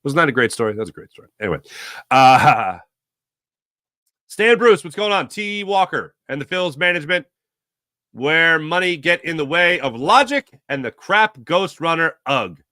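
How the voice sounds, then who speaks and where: A male sports talk host talks in a loose, rambling way and jokes as he reads out viewer comments. His voice is bright and forceful. The sound is dry and close, with no room around it. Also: fairly high pitch, measured pace, no echo. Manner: animated, rambling, jokey. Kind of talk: casual sports talk, reading chat comments.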